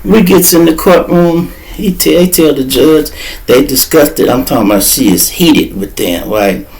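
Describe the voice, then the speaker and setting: A man, the host of a podcast, tells a story in an animated, profane, slangy way. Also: fairly high pitch, moderate pace, creaky, rough recording.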